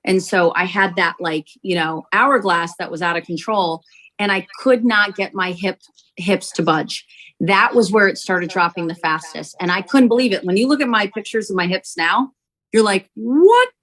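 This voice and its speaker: A woman, a company founder, telling an animated testimonial story to sell her product, acting out quotes as she goes. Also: fairly low pitch, moderate pace, low-quality recording. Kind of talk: testimonial sales pitch.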